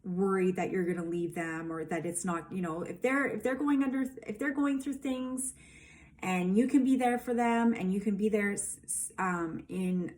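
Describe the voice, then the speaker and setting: A woman's voice: medium pitch, moderate pace, a little mellow. A woman giving a casual tarot reading, emphatic and rambling, with lots of fillers. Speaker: tarot reader.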